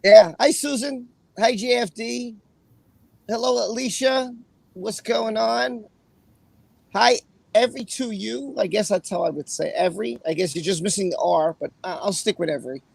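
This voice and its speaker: Casual livestream host, man, high voice with gravel, dry close sound, chatty, greets viewers. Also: normal speed, no echo.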